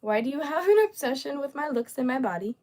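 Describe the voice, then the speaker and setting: A woman's voice: sits high, quick pace, darkish tone. Sassy woman chatting on a livestream. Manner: sassy, laughing, teasing chat commenters. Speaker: livestream host. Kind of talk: casual livestream chat with viewers.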